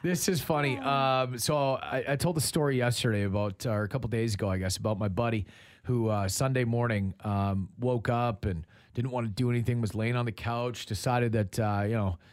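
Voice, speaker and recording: A man in his fifties hosting a radio morning show, chatty and quick to laugh. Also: medium pitch, fairly even intonation. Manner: chatty, laughs easily, many fillers. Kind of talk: casual radio banter.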